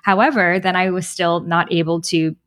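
Chatty woman, low-pitched, podcast guest. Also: fairly even intonation, normal speed, a bit bright. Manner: chatty, lots of "like" and "you know". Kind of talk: casual conversation and personal storytelling.

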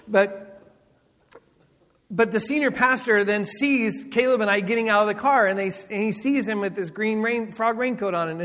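A middle-aged man, a senior pastor, preaching with personal stories, animated and acting out voices, laughing often. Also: high voice, big-room sound. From Southern California.

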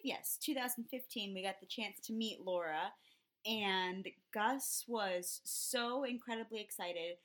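A woman co-hosting a comedy podcast, telling stories with a teasing, animated manner. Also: medium pitch. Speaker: podcast co-host. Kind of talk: casual comedic chat.

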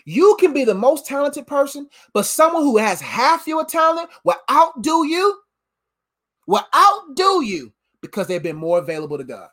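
A tired preacher delivering an informal sermon in an animated, slang-filled way, often laughing. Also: sits high, moderate pace.

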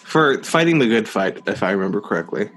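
A man's voice: lowish voice, sing-song, brisk, fairly bright tone, a little hiss or hum. Playful male podcast co-host. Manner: playful, laughs often. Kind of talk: casual chat.

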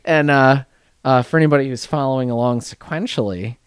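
A man's voice: mid-range voice, brisk, clean tone, no room sound, clean studio sound. A man co-hosting a podcast in an office, rambling casually and laughing often. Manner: rambling, laughs often, puts on silly voices. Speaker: podcast co-host. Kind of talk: casual chat.

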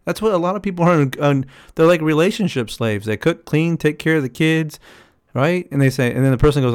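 A man in a casual monologue about relationships, repeating his points emphatically and acting out quotes in a higher voice. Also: expressive, brisk, smooth. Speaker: relationship commentator.

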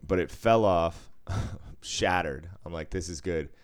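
A man's voice: low voice, slow pace. A man, a radio co-host, telling loose stories with swearing and laughs. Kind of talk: casual chat.

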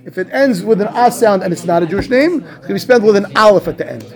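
A man, a rabbi, teaching a class on a scriptural text, asking questions and answering them himself in a lively way. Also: high voice, rapid-fire. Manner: animated, asks and answers his own questions. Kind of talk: Torah class commentary.

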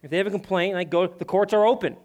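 High-voiced man preaching a casual sermon. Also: fast, darkish tone. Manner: earnest, conversational preaching with repeated restarts. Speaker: pastor.

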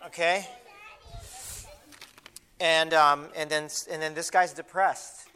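A man's voice: fairly high pitch, steady tone, takes it slowly, sharp tone, smooth. A pastor giving a casual children's lesson in a church service, often restarting and repeating his words as he talks to the kids. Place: church sanctuary.

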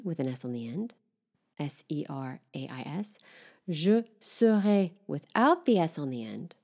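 Middle-aged woman, French teacher, low voice with vocal fry, soft and patient delivery. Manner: gentle, unhurried, spells words letter by letter. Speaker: French teacher and podcast host. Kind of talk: relaxed podcast language lesson.

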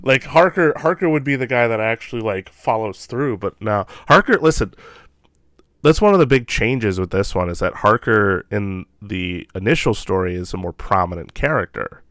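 A man co-hosting a podcast, chatting about old films in a relaxed way. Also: on the low side, moderate pace, dry recording, studio quality. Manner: relaxed, laughs easily. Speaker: podcast co-host. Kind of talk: casual film discussion.

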